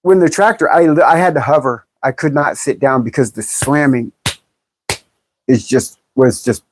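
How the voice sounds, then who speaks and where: A woman's voice: rumbling low, moderate pace, a little hiss or hum. A woman in her fifties chatting bluntly and jokingly on a livestream, reading viewer comments aloud and laughing often. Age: 50s. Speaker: livestream host. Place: in California.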